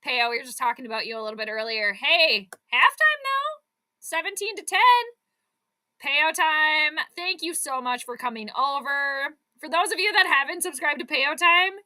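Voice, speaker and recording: Sarcastic and fed up with how her team is playing, this fired-up fan runs live game commentary and chat on her stream. She speaks in a high, bright voice with a forceful tone.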